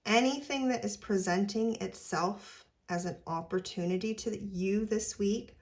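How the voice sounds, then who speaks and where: A woman giving an unscripted spiritual tarot reading, earnest and gently encouraging, who ends many sentences with a questioning "right?". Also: medium pitch, measured pace. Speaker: tarot reader.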